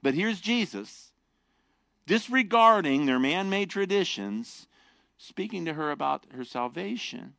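A man preaching a sermon, animated and emphatic as he explains scripture to his congregation. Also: sits high, unhurried, vocal fry, no room sound. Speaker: pastor.

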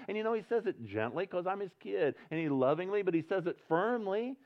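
A pastor preaching a sermon at a church service, talking earnestly and conversationally, then building to loud, passionate emphasis. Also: male voice, high-pitched, very animated, quick pace, hardly any pauses. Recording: dull lo-fi recording.

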